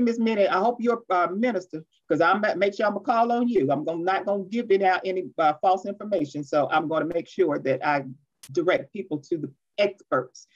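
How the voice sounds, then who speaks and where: A grandmotherly woman runs a virtual workshop for teachers, chatting fast and poking fun at herself. Her voice comes through a dull, lo-fi video call connection. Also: medium pitch. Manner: fast-talking, chatty and self-deprecating. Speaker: workshop presenter. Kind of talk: online teacher training workshop.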